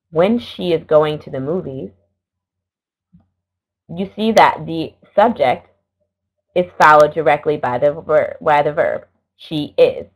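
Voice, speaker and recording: A middle-aged woman teaching an English lesson, explaining slowly and carefully and correcting herself now and then. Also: deep voice. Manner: slow, careful explaining with small self-corrections. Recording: dull lo-fi recording.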